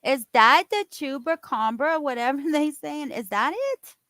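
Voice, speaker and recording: A woman's voice: sits high, animated, a little slow, fairly bright tone, no room sound. A woman chatting casually on a live stream, reacting aloud and laughing.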